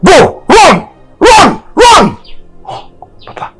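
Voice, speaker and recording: A man's voice: mid-range voice, huge pitch swings, a little slow, slightly rough, soft background music, exaggerated voice. An actor with a Nigerian accent playing a young man frantically telling his father how he escaped being killed. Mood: frantic. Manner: frantic, breathless storytelling with shouts. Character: young man who fled execution.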